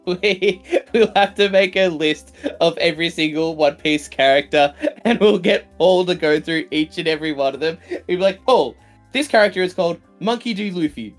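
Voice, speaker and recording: A man's voice: high-pitched, normal speed, soft background music. Giggly man riffing on a stream. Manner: giggly, silly, keeps laughing at his own jokes. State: tired after a long day. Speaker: co-commentator. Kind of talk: casual stream banter.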